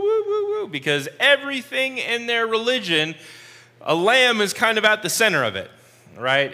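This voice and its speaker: A man teaching a Bible study, explaining verse by verse in a slow, deliberate way and repeating key phrases. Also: on the high side, bright, forceful tone, long reverb tail.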